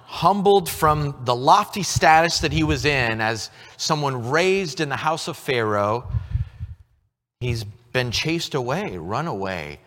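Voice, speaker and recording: Lively preaching man in an echoing hall. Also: medium pitch. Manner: expressive preaching, swinging from loud to hushed. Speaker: pastor. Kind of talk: sermon.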